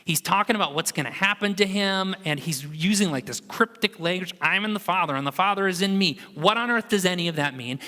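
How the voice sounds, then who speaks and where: Bright-voiced man preaching in a reverberant hall. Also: high voice. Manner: conversational, animated storytelling with acted quotes. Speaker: pastor. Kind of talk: sermon. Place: church sanctuary.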